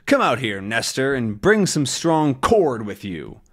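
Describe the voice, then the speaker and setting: A man reading out a cold, menacing thug from a comic in a slow, threatening voice. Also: mid-range voice, big pitch swings, husky. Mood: commanding.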